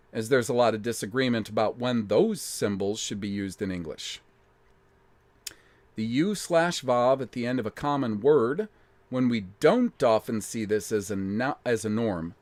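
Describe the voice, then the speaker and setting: A man's voice: a little high, no room sound. A man hosting a casual live-stream lecture, thinking aloud in a blunt, emphatic way with mild swearing and frequent restarts.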